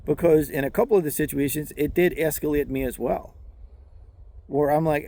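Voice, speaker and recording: A middle-aged man hosting a channel, telling a personal story in a casual monologue, halting with frequent restarts and fillers. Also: a little high, creaky, darkish tone, no room sound. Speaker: channel host.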